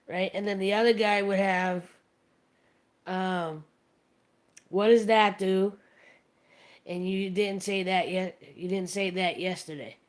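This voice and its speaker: A woman hosting a livestream, chatting casually and retelling a funny story with plenty of restarts and acted-out quotes. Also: medium pitch. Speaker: stream host.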